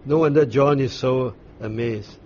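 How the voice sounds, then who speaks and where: Unhurried man teaching Bible study, lo-fi. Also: mid-range voice, darkish tone. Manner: unhurried explaining with frequent fillers and restarts. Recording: dull lo-fi recording with faint noise.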